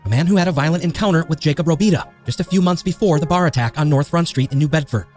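A man's voice: a little high, quick pace, a little mellow. A man narrating a true crime story in a grave, scripted way. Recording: faint music underneath.

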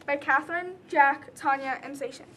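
A woman's voice: high-pitched, steady tone, normal speed, noisy background. A young woman narrating a student drama presentation and explaining its themes earnestly.

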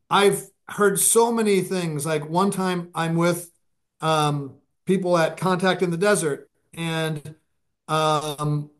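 A male podcast guest tells anecdotes in a casual, animated interview style, his pace speeding up and slowing down. His voice is a little high.

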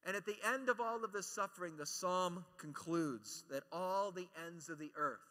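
A man giving a conference talk, animated and joking, acting out quotes as he teaches. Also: high-pitched, normal speed, long reverb tail. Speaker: speaker at a Catholic conference.

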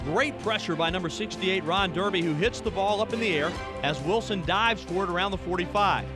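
A man giving scripted play-by-play narration of a classic football game in a brisk delivery. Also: sits high. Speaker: sports narrator. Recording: narration over loud music.

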